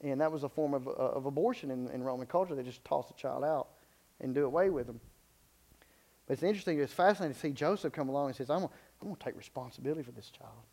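A man's voice: mid-range voice, quick pace, darkish tone. A man preaching a sermon in an unscripted way, stumbling and repeating words, then building to emphatic peaks.

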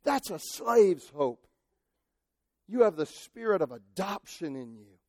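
A male pastor preaching a sermon, impassioned, moving from shouted cries to near-quiet asides. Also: high-pitched, sing-song, slow, no echo, studio quality.

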